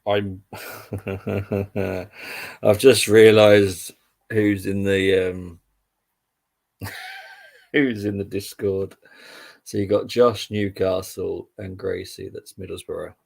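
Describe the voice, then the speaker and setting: Young guy rambling about football on a stream, deep and super gravelly. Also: level tone, slow, a little mellow. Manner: rambling, chatty, full of fillers and restarts. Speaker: livestream football update host. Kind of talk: casual live football chat.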